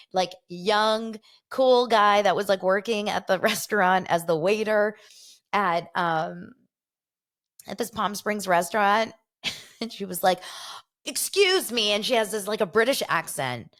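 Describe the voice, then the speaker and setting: A woman's voice: lowish voice, fairly bright tone. A woman hosting a casual show, rambling through gossipy commentary and laughing often. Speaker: host.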